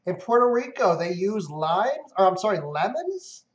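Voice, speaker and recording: A man's voice: high-pitched, very animated, normal speed, muffled recording. A man hosting a casual livestream, reading out and answering viewer comments. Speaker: livestream host.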